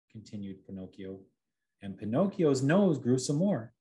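A man gently reading a bedtime story aloud to children as a storyteller. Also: medium pitch, big pitch swings, moderate pace.

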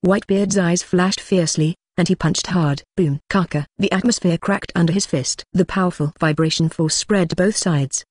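A text-to-speech audiobook narrator reading a translated novel, reading punctuation marks aloud in a flat, level delivery. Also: mid-range voice, brisk, hardly any pauses, no echo, clean studio sound. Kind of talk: machine-read novel narration.

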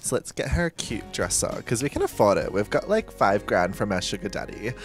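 Drag queen let's-play host, man, unhurried but wildly swooping delivery, gasps and squeals, casual swearing, faint game music behind. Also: lowish voice, wildly swooping pitch. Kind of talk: casual gameplay commentary.

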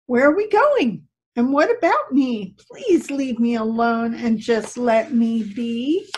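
A woman's voice: fairly high pitch, expressive, slow pace, darkish tone, slight background noise. A woman voicing a timid, self-pitying young donkey who pleads and frets. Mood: frightened. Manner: pleading, fretful.

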